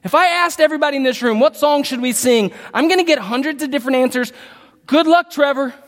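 Emphatic high-voiced man preaching. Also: fast talker. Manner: emphatic, swings from loud exclamations to quiet asides. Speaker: pastor. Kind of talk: sermon. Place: church sanctuary. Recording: long hall reverb.

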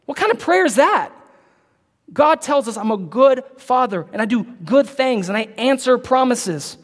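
A man preaching a sermon as pastor, emphatic and repetitive, swinging from loud, drawn-out lines to hushed, close asides. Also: extremely high pitch, expressive. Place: church. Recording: church hall with long reverb.

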